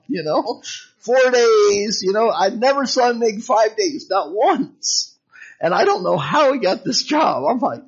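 Chatty high-voiced male preacher, lo-fi. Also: takes it slowly. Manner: chatty and conversational, frequent "you know" and chuckles, acts out quoted dialogue. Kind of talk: informal sermon. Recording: dull lo-fi sound.

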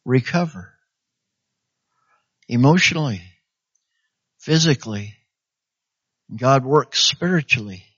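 A man preaching a sermon, urging his listeners on and filling his talk with amens and hallelujahs, often acting out what people might say. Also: mid-range voice. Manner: exhorting, calls for "amen" and "hallelujah", acts out quoted voices. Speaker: pastor. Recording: dull lo-fi sound.

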